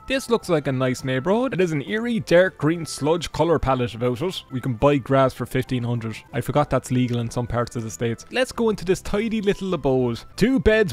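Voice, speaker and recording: A young Irish man from Cork giving sarcastic, rambling, jokey commentary over a life-sim game as a gaming YouTuber, swearing freely. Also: mid-range voice. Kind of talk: gameplay commentary.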